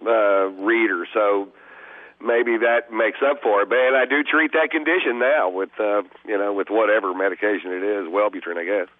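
A man in his fifties, a comedian guest, talking in a halting, laid-back, self-deprecating way over the phone. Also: on the low side, fairly even intonation, no room sound. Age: 50s. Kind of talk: phone interview on radio. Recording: tinny phone line.

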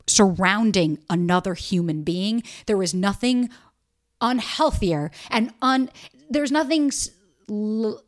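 A young woman hosting a solo podcast, talking bluntly and animatedly with frequent swearing. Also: mid-range voice. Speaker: podcast host. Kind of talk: casual solo podcast talk.

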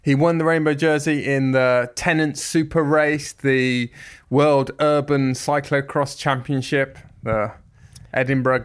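A man co-hosting a podcast, chatting casually with quick, jokey asides. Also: mid-range voice, steady tone, clean tone. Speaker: podcast co-host.

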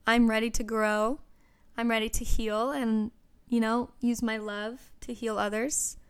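Young woman, solo podcast host, chatty and gushing, slightly high and smooth voice, home mic. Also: level tone, a little slow. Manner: chatty, earnest and gushing, with frequent "you know". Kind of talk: casual solo podcast chat.

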